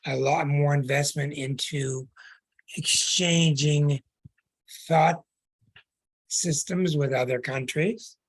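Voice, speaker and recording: Slow, husky-voiced astrologer man. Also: a little high, fairly even intonation. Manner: earnest, preaching, stretches words for emphasis. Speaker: astrologer and show host. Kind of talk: podcast monologue.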